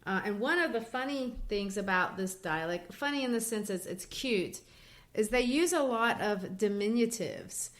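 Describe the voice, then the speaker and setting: A woman explains poetry on a literature podcast in a relaxed, chatty way. She is lively, animated and laughs lightly now and then as she talks. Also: mid-range voice, normal speed. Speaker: podcast co-host. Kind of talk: casual literature discussion.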